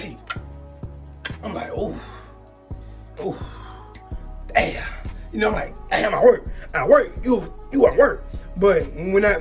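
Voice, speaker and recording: A young man, telling a long storytime with slangy, repetitive, excitable talk. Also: high voice. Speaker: storytime YouTuber. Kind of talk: animated storytime monologue.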